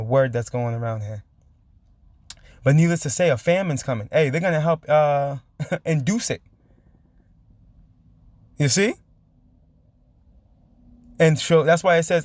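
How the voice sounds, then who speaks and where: A man teaching scripture, reading verses slowly and breaking in with casual remarks, often adding "man". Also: on the high side, a little mellow, dry recording. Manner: reads verses slowly, asks "right?" after each; casual, keeps saying "man". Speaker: preacher.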